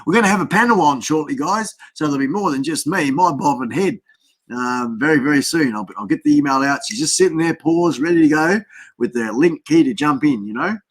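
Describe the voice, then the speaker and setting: A middle-aged Australian man hosts a casual livestream from his desk at home, his voice a little high and a little fast. He rambles through greetings to his viewers, packing in plenty of fillers.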